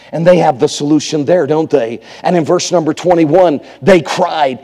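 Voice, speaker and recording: Revival preacher guy, gravelly voice, big swings loud to whisper, church echo. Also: a little high, moderate pace, hardly any pauses. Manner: swings from loud exclamations to hushed near-whispers. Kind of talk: revival sermon.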